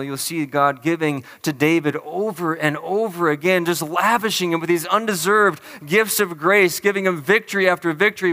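A man delivers a sermon from the pulpit in a bright, smooth, resonant voice that sits a little high for a man. He preaches earnestly, slowing down to press on the important words. His voice carries a long hall reverb. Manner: earnest, emphatic preaching with slow stressed phrases. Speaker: pastor.

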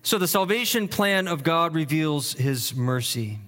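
A man preaches a verse-by-verse sermon in a voice that sits a little higher than most men's. He talks it through earnestly, restarting phrases as he goes, and lifts his voice to stress the points he wants heard. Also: animated, unhurried, fairly bright tone. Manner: earnest, repeats words as he thinks aloud. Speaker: pastor. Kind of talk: expository sermon.

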